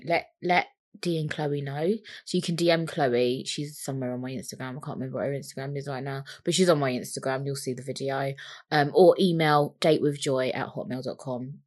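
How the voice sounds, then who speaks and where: A woman's voice: a bass voice, steady tone, fairly quick, a little mellow. A young woman hosting a solo podcast, rambling, cheeky and swearing freely as she chats into the microphone. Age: young adult. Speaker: podcast host.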